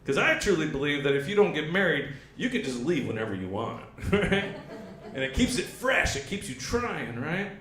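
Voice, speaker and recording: On a brewery comedy stage before a live audience, a man with a high-leaning voice performs a crude stand-up set at normal speed. He tells animated stories and acts out both sides of the dialogue, his voice echoing around the room.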